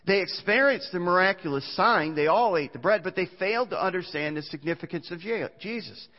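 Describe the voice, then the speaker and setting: A man's voice: high-pitched, expressive, brisk. Pastor, male, earnest sermon delivery, reverberant muffled church recording. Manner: earnest preaching, reads scripture aloud, small restarts. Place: church sanctuary.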